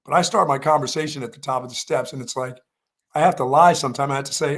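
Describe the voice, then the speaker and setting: A male sports radio co-host who talks in a loose, rambling way. He stammers and circles back over the same words in easy morning chat. His pitch sits in a middling range. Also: fast, a bit bright. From Pennsylvania. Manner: rambling, repeats himself, stammers. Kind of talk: casual morning show chat.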